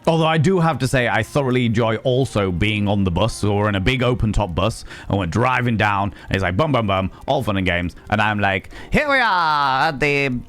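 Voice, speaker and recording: A man, a streamer and sex educator, chatting casually and telling animated, wry stories while swearing freely. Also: lowish voice, a little fast, few pauses, soft background music. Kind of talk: casual live-stream chat.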